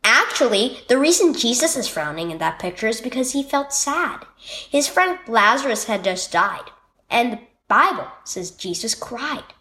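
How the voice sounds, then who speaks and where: A woman reading a children's story aloud, voicing a gentle aunt who reassures and explains things to her niece. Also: on the high side, very animated, moderate pace. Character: gentle, comforting adult aunt.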